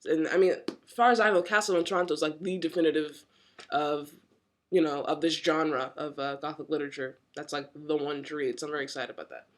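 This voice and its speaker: A woman's voice: deep voice, steady tone, brisk. A woman in her twenties chatting in a casual book haul vlog, rambling and enthusiastic, with lots of fillers and frequent laughs. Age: 20s. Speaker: university student vlogger.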